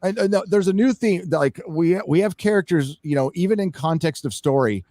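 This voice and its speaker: Man, panel guest, rambling, halting speech, profane, dry sound. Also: on the high side, expressive, warm tone, dry recording. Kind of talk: casual panel chat.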